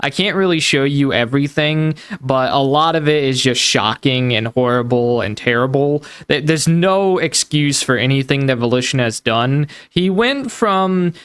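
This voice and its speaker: Smooth-voiced male commentator, dry sound. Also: medium pitch, animated, moderate pace, hardly any pauses, fairly bright tone, no room sound. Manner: critical, incredulous. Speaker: commentary video host. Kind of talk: online drama commentary.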